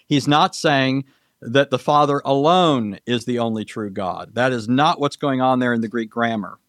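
A man's voice: mid-range voice, normal speed, fairly bright tone, no echo. A man answering questions in a formal debate, precise and lecturing, citing verses and Greek grammar. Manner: precise, lecturing, cites scripture references.

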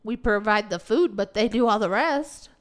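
A woman in her forties, a teacher abroad, telling a story in casual chat and mimicking others in a high voice. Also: expressive, normal speed, clear, resonant tone.

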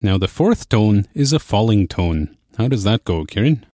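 A man teaching a language lesson, explaining clearly and patiently. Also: lowish voice, very animated, normal speed, warm tone, no echo, clean studio sound. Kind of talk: scripted lesson narration.

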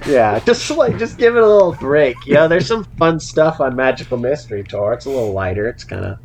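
A man co-hosting a casual podcast chat, joking and animated, full of "like"s. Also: medium pitch, brisk. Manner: animated, joking, lots of likes. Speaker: podcast co-host.

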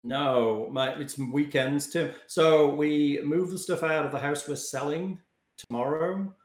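A man's voice: a little high, a little slow, echoey room. A man chatting casually on a video call with dry, wry asides.

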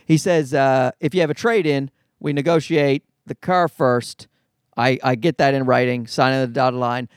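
A middle-aged man rants in a casual monologue, his voice high and swinging widely up and down. He swears freely and sounds exasperated. The sound is close and dry, with no room around it. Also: no echo. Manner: profane, exasperated ranting. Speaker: comedian.

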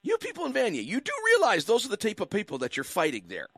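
A man on talk radio, worked up and preachy, firing question after question at his listeners. His voice sits high for a man and swings widely in pitch. The sound is dry and close, straight off a studio microphone. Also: wildly swooping pitch, fast talker, dry recording. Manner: preachy, fired-up, hammering rhetorical questions. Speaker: radio talk show host. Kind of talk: impassioned call-in radio commentary.

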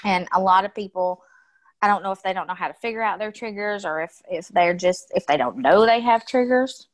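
A woman's voice: medium pitch, fairly quick. A woman speaking as a podcast guest, blunt and outspoken, swearing freely in casual conversation. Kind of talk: casual interview chat.

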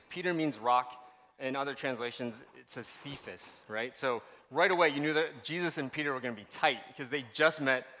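A man's voice: medium pitch, in a large hall. A man giving a casual, conversational sermon as a pastor, often checking in with the audience. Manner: animated, conversational, asks the audience "right?" often.

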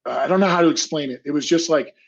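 A man's voice: a little high, fast, vocal fry. A man casually telling a personal story in an interview, full of fillers like "like" and "you know," sometimes acting out his past self.

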